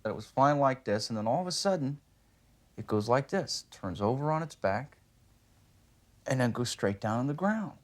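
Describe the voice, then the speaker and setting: A man being interviewed, recounting a personal experience in a plain, halting way full of "you know". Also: medium pitch, lively intonation.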